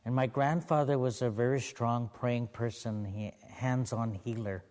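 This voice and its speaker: Slow, gentle male storyteller. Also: mid-range voice, steady tone, long reverb tail. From Pacific Northwest. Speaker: storyteller and spiritual teacher. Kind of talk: live storytelling to a gathering.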